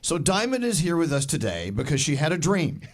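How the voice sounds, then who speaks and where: A woman's voice: low-pitched, very animated, fairly quick. A woman hosting a radio podcast, introducing the crew in an upbeat, casual way. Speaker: podcast host. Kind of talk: casual radio show chat.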